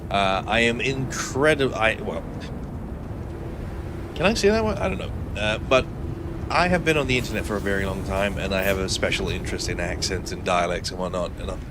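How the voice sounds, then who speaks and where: A young man from Sweden talking in a put-on British accent, crude and self-mocking as he streams a game. His voice sits low for a man. Loud game noise carries clearly behind him. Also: animated, a little fast. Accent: British English, adopted. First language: Swedish. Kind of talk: casual gameplay commentary. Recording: voice over noisy game audio.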